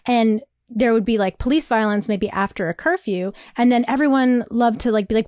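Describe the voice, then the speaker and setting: A young woman co-hosting a casual chat, rambling and animated, laughing often and filling her talk with "like". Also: a little high, a little fast, few pauses, no echo, clean studio sound. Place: New York.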